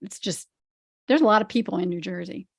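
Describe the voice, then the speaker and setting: A woman's voice: mid-range voice, brisk, vocal fry, no room sound, clean studio sound. A friendly, chatty woman speaking as a podcast guest, who laughs easily. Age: older. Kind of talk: casual interview chat.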